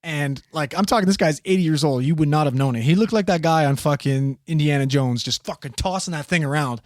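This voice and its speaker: A man recounting a wild story on a casual podcast, swearing constantly and jumping into the voices of the people in it. His voice sits a little high, and the sound is dry and close. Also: a little fast, dry recording. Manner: profane, animated, acts out quotes. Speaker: podcast co-host telling a story.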